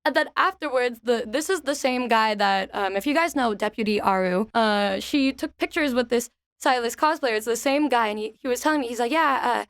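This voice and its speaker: A young woman co-hosting a podcast, telling a story in a lively way and acting out quoted lines with squeaky bursts. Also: a little fast, hardly any pauses, dry recording. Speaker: podcast co-host. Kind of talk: casual chat.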